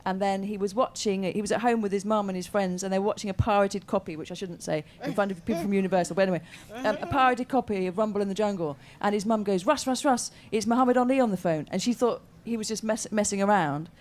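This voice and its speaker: A woman's voice: mid-range voice, quick pace, few pauses, a little mellow. A woman, an interview guest, telling an amused, chatty anecdote.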